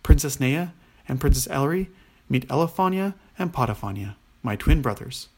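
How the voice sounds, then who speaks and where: Man doing a little gruff dwarf guy, gravelly voice. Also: mid-range voice, expressive, moderate pace, darkish tone. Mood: cheerful. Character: small grumpy male dwarf.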